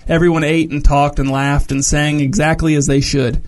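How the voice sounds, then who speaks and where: A man reading a story aloud as narrator, measured and descriptive. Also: on the high side, level tone.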